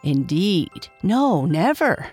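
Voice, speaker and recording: A woman's voice: on the low side, lively intonation, a little slow, soft background music. A woman voicing a sweet, chatty little female sawdust doll in a storybook reading, cheerful and eager.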